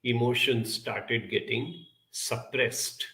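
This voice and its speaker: A man's voice: mid-range voice, steady tone, slow pace, pushed and bright. A man speaking as a guest on a program, telling a childhood story in an earnest, reflective way with rhetorical questions.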